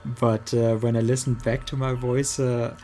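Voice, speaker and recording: A man with a German accent, a native German speaker, chatting casually with his audience while gaming and pausing often to search for words. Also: mid-range voice, level tone, dark tone, faint music behind. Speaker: streamer.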